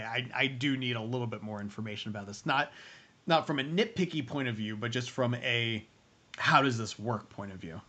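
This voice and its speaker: A man's voice: mid-range voice, bright, forceful tone. A man co-hosting a casual review show, talking in long rambling stretches with many restarts. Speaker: podcast co-host running the stream.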